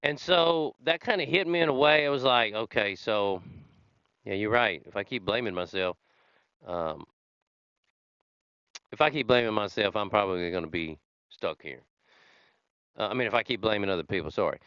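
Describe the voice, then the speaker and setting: A man's voice: lowish voice, moderate pace, long pauses, a bit bright, clear, resonant tone, dry recording. A man hosting a podcast, telling his own recovery story in a rambling, conversational way with many fillers. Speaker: podcast host. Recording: slightly dull lo-fi sound.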